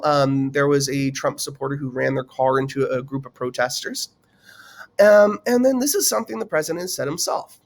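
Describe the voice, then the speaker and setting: Guy with a high voice explaining stuff to viewers, chatty, lots of ums, keeps asking what you think. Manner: conversational, many fillers, asks the viewer questions. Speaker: teacher explaining a political topic. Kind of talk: casual explainer lecture.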